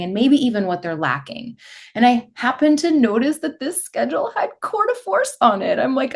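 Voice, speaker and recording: A woman hosting a podcast, a fitness instructor trainer speaking in a chatty, candid monologue and laughing easily. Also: lowish voice. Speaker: podcast host. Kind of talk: casual monologue.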